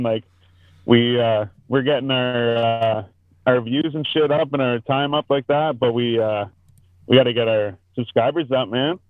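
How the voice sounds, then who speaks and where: A man's voice: medium pitch, dry recording. A man hosting a podcast in casual chat over a video call, telling rambling, profane stories. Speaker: podcast host. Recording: dry, tinny phone-like call audio.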